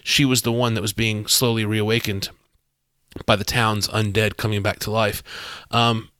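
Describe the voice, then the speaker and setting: A man talking as game master on a podcast, animated and full of restarts, acting out quotes as he recaps a session. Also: fairly low pitch, normal speed, no echo. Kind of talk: podcast discussion.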